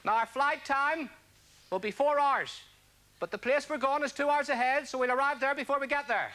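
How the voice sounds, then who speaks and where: A man putting on a bumbling male airline captain, giving slow, deliberate announcements. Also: very high voice, sharp tone. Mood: pompous announcing.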